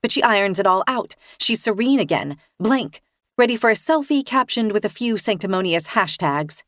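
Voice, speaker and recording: A woman's voice: medium pitch, lively intonation, normal speed, dry recording, studio quality. A woman reading a first-person thriller audiobook in a tense, vivid storytelling manner. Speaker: narrator.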